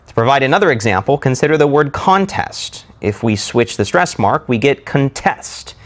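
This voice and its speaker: A man narrating a speaking lesson, slowly demonstrating word stress and rhythm. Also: mid-range voice. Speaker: speaking coach. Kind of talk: scripted instructional narration.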